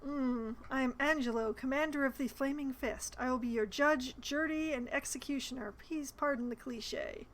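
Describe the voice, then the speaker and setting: A woman's voice: sits high, moderate pace, hardly any pauses, rough recording. A woman reading aloud the lines of a smug, corrupt male military commander from a game in her own voice, cold and formal.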